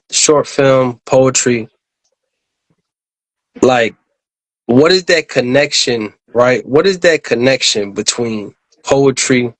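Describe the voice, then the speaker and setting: A man hosting an interview who asks long, halting questions full of fillers and repeats, and keeps affirming the guest. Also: mid-range voice, no room sound, poor audio. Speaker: interview host. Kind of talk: casual interview.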